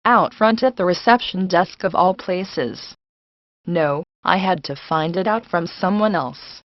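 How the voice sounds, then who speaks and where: A proud elderly Southern lady, scornful and indignant, as a woman narrator reads her lines. The voice sits fairly low. The recording is dull and lo-fi, with a dry sound. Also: measured pace, no echo, lightly acted. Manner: indignant, scolding.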